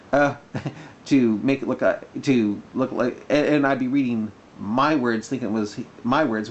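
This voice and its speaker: A man's voice: medium pitch, dull audio, a little hiss or hum. A man talking in a sarcastic, rambling way in a casual commentary vlog. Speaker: video blogger.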